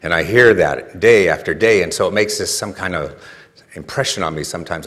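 Brief: male pastor, low-pitched, relaxed chat style of sermon that swells into emphatic questions. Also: brisk. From California. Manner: conversational, rhetorical questions, builds to emphatic peaks. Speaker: preacher.

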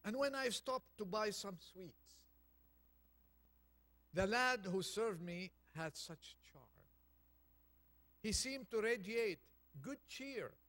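A man preaching a Thanksgiving sermon, reading a poem aloud softly and then building up with rising intensity. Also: high-pitched, expressive, takes it slowly, long pauses, dry recording.

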